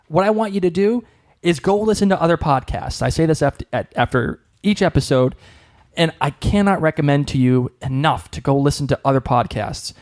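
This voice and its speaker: Playful Boston-accented man co-host. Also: on the high side. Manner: playful and teasing. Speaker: podcast co-host. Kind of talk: casual podcast chat.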